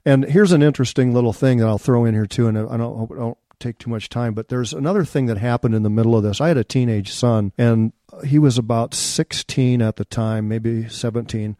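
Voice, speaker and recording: A man's voice: mid-range voice, brisk, few pauses, dark tone, no room sound, clean studio sound. A middle-aged man, an interview guest, telling a personal story in an earnest, candid and reflective way.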